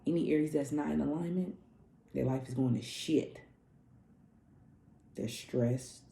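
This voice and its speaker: A woman's voice: low-pitched, a little slow, gravelly, dark tone. A woman spiritual coach giving a casual astrology reading, loose and profane, repeating herself like a preacher. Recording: roomy echo.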